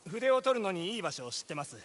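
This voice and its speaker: A calm, courteous painter. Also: male voice, sits high, very fast. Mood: gentle, measured. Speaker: game character, a painter. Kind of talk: Japanese video game voice acting.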